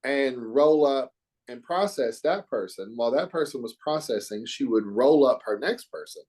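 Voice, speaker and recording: A man's voice: mid-range voice, animated, normal speed, a little mellow. A middle-aged man from Oklahoma, a hair educator talking as a podcast guest in an earnest, reflective, emphatic way. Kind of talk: podcast interview chat.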